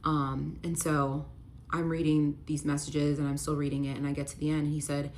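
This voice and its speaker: A young woman with a low, deep-set voice tells a personal story straight to her phone, candid and earnest. Her talk is loose and conversational, full of "like", with a faint hum of room noise behind her. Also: level tone, moderate pace, darkish tone. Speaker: real estate agent telling her story. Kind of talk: confessional storytime to camera.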